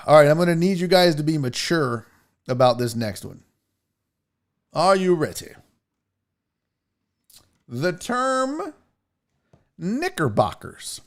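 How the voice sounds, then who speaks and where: A man's voice: on the high side, measured pace, long pauses. A man hosting a live podcast in a casual, rambling way, joking and swearing as he goes. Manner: rambling, jokey and profane. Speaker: podcast host.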